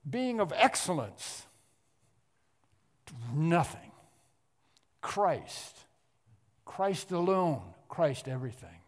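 Guy preaching a sermon in a big echoey hall, kinda high voice, stresses words a lot. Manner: emphatic, repeats words, clears throat often. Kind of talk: expository sermon. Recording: long hall reverb.

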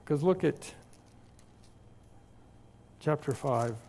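A man preaching a sermon as pastor, teaching through a scripture passage with slow, emphatic stress on key words and some dry humor. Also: a little high, darkish tone. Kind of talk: expository sermon. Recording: long hall reverb.

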